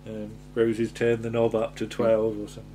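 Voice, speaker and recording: A man's voice: on the low side, monotone, normal speed, warm tone, slight background noise. A man co-hosting a podcast in casual chat, joking and restarting his sentences as he goes. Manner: chatty, jokey, trails off and restarts. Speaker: podcast co-host.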